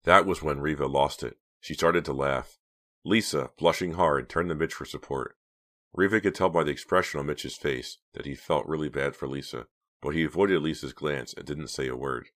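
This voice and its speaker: A man reading an audiobook in steady, measured scripted narration. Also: extremely low pitch.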